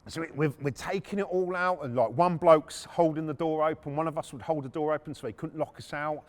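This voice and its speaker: A man's voice: fairly high pitch, fairly quick. A middle-aged man, hosting a podcast and casually telling a story from his working life, blunt and swearing freely. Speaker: podcast host.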